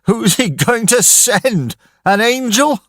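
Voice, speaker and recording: A man voicing a cold, frightened and angry stranded man who shouts harshly in a storybook reading. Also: deep voice, wildly swooping pitch, slow, no room sound, studio quality, exaggerated voice. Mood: shouting.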